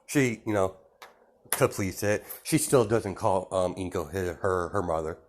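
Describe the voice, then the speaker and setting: A man's voice: low voice, a little slow, slight background noise. A man improvising a fan story aloud, rambling with many fillers and self-corrections.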